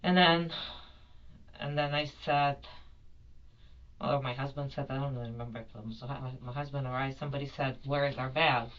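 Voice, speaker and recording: A woman's voice: extremely low pitch, fairly even intonation, moderate pace, highs cut off. A woman giving a rambling, apologetic account in a police interview, full of fillers. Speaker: detained airline passenger.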